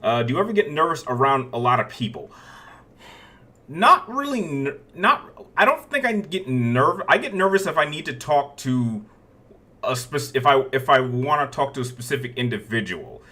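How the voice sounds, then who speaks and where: Working through viewer questions on YouTube, this host in his thirties rambles, restarts often, and chuckles between answers. He speaks at normal speed in a medium-pitched, sing-song voice with a sharp tone.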